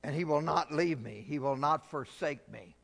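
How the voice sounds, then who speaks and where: A middle-aged man, a pastor, preaching a sermon, swinging from loud declarations to hushed, tender passages. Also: on the high side, normal speed, vocal fry, faint music behind. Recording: hall reverb.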